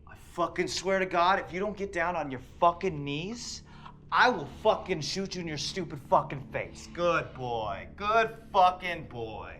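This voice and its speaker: An actor playing a volatile, profane male home invader in film dialogue, swinging between low muttering and shouted threats. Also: lively intonation, a little slow, a little hiss or hum. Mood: contemptuous.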